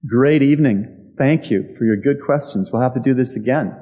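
A man, the church's pastor, answering his congregation's questions in a conversational storytelling sermon with frequent pauses. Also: mid-range voice, dark tone.

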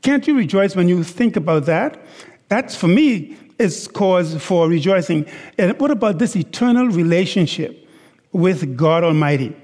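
A man preaching a sermon, slow and deliberate, stressing words and asking the congregation rhetorical questions. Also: sits high, expressive, a little mellow. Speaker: pastor. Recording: long hall reverb.

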